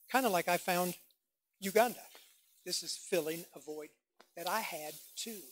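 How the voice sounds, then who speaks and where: Guest lecturer, man, emphatic and lively, works the room with questions. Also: sits high, a little hiss or hum. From United States. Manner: animated, emphatic, asks the audience questions. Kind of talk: public lecture.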